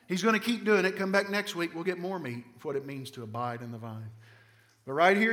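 The long reverb of a big hall surrounds a Southern-accented pastor giving an emphatic sermon full of repeated phrases and rhetorical questions. His voice sits high with a sharp tone.

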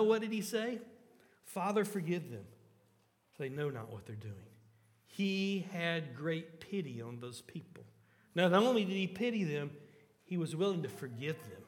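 High-voiced man preaching in a hall. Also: fairly bright tone. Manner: earnest, asks the listeners questions. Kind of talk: sermon.

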